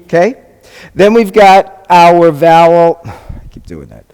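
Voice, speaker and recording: A man's voice: fairly high pitch, expressive, slow pace, a little mellow, clean tone. A man, a rabbi, teaching a live Hebrew class, drilling sounds with the students and making joking asides. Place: congregation classroom. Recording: long reverb in a hall.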